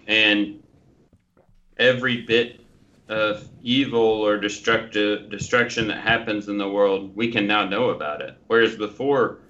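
A man on a podcast thinking aloud in a halting way, restarting his sentences, heard over a remote line. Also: lowish voice, bright, forceful tone, highs cut off. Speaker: podcast co-host. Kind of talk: casual chat.

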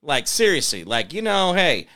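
Brief: male show host, high, bright voice, sarcastic ranting commentary. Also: sing-song, normal speed.

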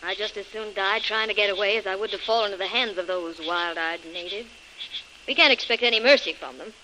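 A woman voicing a brave young woman in a vintage radio serial, steady and resolute in a mid-pitched voice. The old transcription carries a clear hiss under her lines. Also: brisk, lightly acted, low-quality recording. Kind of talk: 1940s radio acting.

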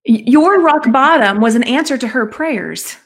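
Supportive woman host, slightly high voice. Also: expressive, moderate pace. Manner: supportive, brief reactions. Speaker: interview host. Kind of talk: interview conversation.

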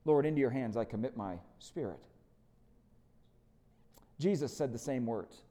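Lead pastor preaching with lively storytelling. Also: male voice, medium pitch. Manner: storytelling, lively and emphatic, slows to quiet reflection. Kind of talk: sermon.

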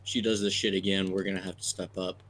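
A blunt, menacing guard, played by a man in a tabletop game, issuing threats in a clipped, level way. The voice sits low and barely moves in pitch. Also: little pitch movement, quick pace, fairly bright tone. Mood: grim. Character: menacing adult male guard, cold and blunt.

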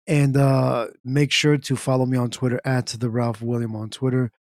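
Casual man hosting a podcast, flat voice. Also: medium pitch, moderate pace, no room sound, studio quality. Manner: loose and chatty, with fillers and throat clearing. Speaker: podcast host. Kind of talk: casual solo podcast talk.

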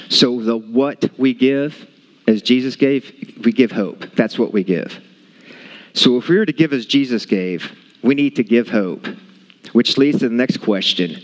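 A man preaching a sermon to a congregation, emphatic and repeating his key points. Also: mid-range voice. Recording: long hall reverb.

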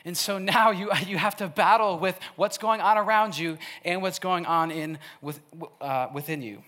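Young male youth speaker from Wisconsin, bright and a bit high, casual storytelling sermon full of "like". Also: normal speed. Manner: casual and chatty, laughs often, heavy use of "like". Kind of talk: storytelling sermon to a live audience.

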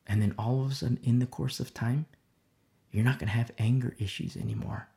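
A man preaching a sermon as pastor, swinging between loud emphatic lines and hushed near-whispers. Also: medium pitch, a little fast, vocal fry. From America.

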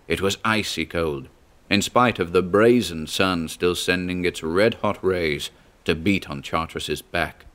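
A man narrating a story in a measured, even reading. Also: low-pitched. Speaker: audiobook narrator. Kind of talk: scripted narration.

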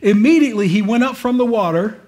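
A man with a notably high voice delivers a forceful sermon from the pulpit. He swings between loud, driving declarations and sudden hushed stretches. He keeps pulling amens from the congregation. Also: animated, fast talker. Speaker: preacher.

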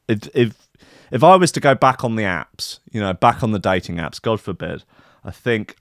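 A man spins a meandering comic story, full of swearing and self-mockery. His voice sits a little low and sounds dry and close. He talks like a host addressing his regular listeners. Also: creaky, no room sound. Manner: profane, self-mocking, meandering asides.

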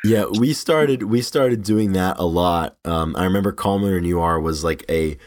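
A man with a fairly low voice co-hosts a casual podcast chat. He gets animated and laughs often, quoting favorite lines in a raised, excited voice. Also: moderate pace. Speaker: podcast co-host. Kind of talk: casual chat about a film. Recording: studio mic.

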